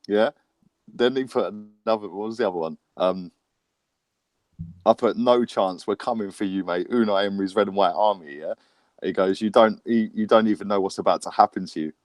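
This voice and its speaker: Bloke, lowish voice, dry close sound, chatting footy and telling stories loud. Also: male voice, a little fast, no room sound. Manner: animated storytelling with laughs and slang. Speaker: football podcast host. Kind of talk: casual chat.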